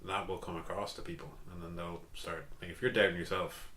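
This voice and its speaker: Deep-voiced Irish man, echoey room. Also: a little fast. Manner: relaxed, candid, swears freely. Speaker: fitness coach. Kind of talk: casual podcast conversation. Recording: echoey room with faint background noise.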